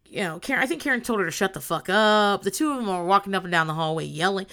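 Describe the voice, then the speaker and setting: A woman recaps a reality show in casual chat, loud and animated, swearing freely, laughing often, and acting out quotes. Her voice is medium-pitched and quick.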